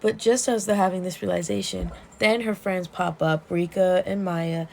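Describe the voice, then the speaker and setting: Young woman vlogger, lively profane storyteller, gravelly fry. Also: fairly low pitch, moderate pace, slight background noise, poor audio. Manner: animated, profane, laughing storyteller. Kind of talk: casual story recap.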